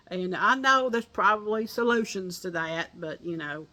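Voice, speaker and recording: A woman's voice: medium pitch, sharp tone. An older woman with a Southern accent, chatting folksily to her viewers outdoors on a porch and laughing often. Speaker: crochet vlogger. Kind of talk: casual chat to viewers.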